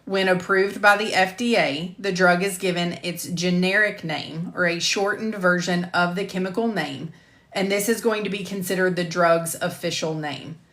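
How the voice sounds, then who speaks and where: A woman's voice: lowish voice, fairly even intonation, moderate pace, fairly bright tone. A middle-aged woman with a light Southern US accent, recording a pharmacology lecture for a medical coding course and breaking off into chatty asides about her mistakes. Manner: reads slides carefully, then chats with self-deprecating asides and laughter. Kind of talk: recording a scripted lecture on a live stream.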